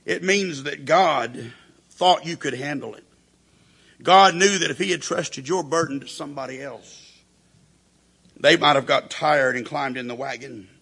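Gravelly, bright-toned preacher. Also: male voice, fairly high pitch, unhurried. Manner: storytelling preacher who acts out quoted voices. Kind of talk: sermon.

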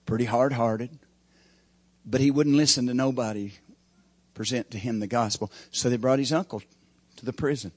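A man preaching a sermon as pastor, with folksy grammar, swinging from shouted peaks to hushed, quiet lines. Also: medium pitch, no echo.

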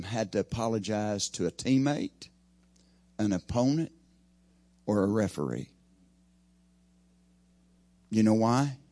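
A man preaching an evening sermon, his voice swinging from loud emphasis to hushed asides. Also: on the low side, no room sound.

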